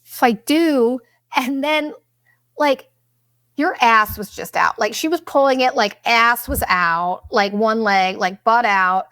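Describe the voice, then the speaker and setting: A young woman hosting a podcast, telling a vacation story in a blunt, profane, animated way and acting out what people said. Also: fairly high pitch, slow pace, no echo, clean studio sound. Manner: blunt and profane, animated retelling with quoted asides. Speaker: podcast host. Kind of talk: casual storytelling monologue.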